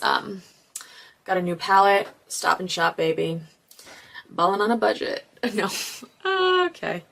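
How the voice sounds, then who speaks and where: A woman's voice: fairly low pitch, steady tone, a little slow, creaky, pauses often, fairly bright tone. A woman hosting a storytime video, narrating stories in a casual, chatty way with lots of "like" and fillers. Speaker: storytime channel host.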